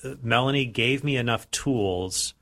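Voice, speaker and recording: Bright-voiced man in his forties. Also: medium pitch, a little slow. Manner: talkative, restarts and jokes. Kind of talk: casual radio chat.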